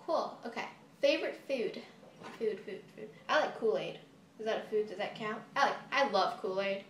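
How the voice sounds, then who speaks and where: A woman's voice: medium pitch, lively intonation, normal speed. A young woman from the United States chatting casually through a Q&A vlog, rambling with giggly asides, filmed on a phone propped on a table. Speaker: model horse YouTuber. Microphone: phone camera propped on a table. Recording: echoey room, faint background hiss.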